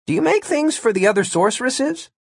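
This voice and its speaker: A man's voice: extremely high pitch, expressive, a little fast, gravelly, breathy edge, dry recording, studio quality, voice pushed up, full character voice. A man voicing a restless adult man who is always on guard, talking urgently in a raised voice.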